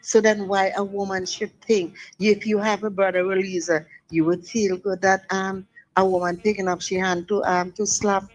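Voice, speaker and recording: An older woman calling in to a radio talk show, giving forceful, preachy advice over the phone. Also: medium pitch, flat delivery, moderate pace, low-quality recording. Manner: forceful, preachy advice with local dialect grammar. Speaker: caller.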